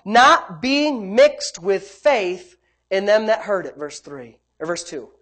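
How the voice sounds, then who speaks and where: A preacher delivering a sermon, swinging between loud emphatic bursts and quiet low asides, stretching key phrases and calling on the congregation. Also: sing-song, slow. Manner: repetitive, calls on the congregation.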